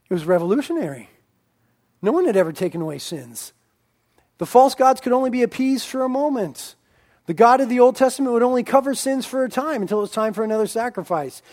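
High-voiced emphatic male preacher. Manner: emphatic preaching, swinging between loud drawn-out lines and quiet asides. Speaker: pastor. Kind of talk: sermon.

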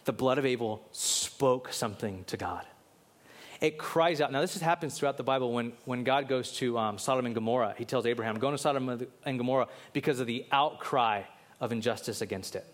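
Preaching to his listeners, a pastor swings between loud, insistent questioning and quiet, subdued moments, now and then voicing biblical people in rapid asides.

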